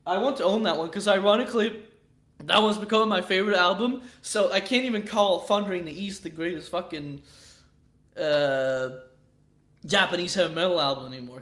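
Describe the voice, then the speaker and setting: A man's voice: high voice, fairly bright tone. A man hosting his own channel, chatting casually in a rambling, profane way, laughing a lot between thoughts. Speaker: channel host.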